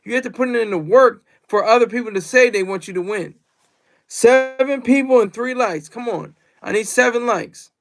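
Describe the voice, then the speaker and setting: A man with a strikingly high, gravelly voice talks loosely through a livestream. He rambles, circles back to the same points and reads comments from the chat aloud. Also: normal speed, fairly bright tone. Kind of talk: casual livestream monologue.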